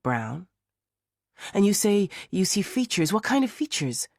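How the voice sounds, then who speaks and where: A man's voice: high voice, big pitch swings, measured pace, vocal fry, dry recording, clean studio sound, voice pushed up, exaggerated voice. A man voicing an anxious woman urgently asking questions. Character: anxious grieving mother, Joy.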